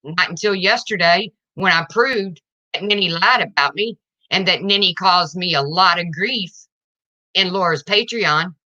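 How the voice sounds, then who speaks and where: A woman talks straight to her viewers in an indignant, confrontational livestream rant. Her voice sits a little low but sounds sharp and bright. The sound is dull and lo-fi. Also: a little slow.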